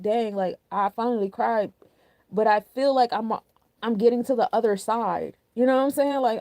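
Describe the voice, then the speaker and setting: A young woman talks through a spiritual forecast in a relaxed, chatty way, full of slang and easy fillers. Her voice has a gravelly, fry-tinged edge with a dark, mellow tone. The sound is dry and close, with no room echo. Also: a little high. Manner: chatty and candid, with loose slang and frequent "like". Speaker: astrology and numerology host. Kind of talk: casual spiritual forecast talk.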